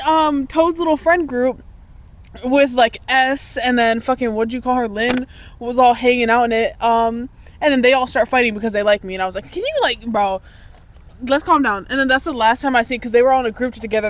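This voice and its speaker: Young woman podcast co-host, higher voice, blunt and profane, casual storytelling. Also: steady tone, quick pace. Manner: blunt, profane, laughs through her stories.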